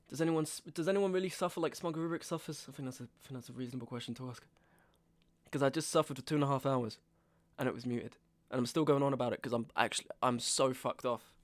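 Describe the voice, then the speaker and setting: A man in his twenties chatting casually on a live stream, exasperated, ranting and often repeating himself. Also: mid-range voice. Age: 20s. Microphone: webcam setup at home.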